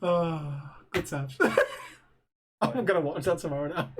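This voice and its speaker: A man's voice: a little high, expressive, slow, husky. A man co-hosting a podcast, chatting casually and quoting film lines in put-on voices. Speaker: podcast co-host. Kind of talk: casual chat.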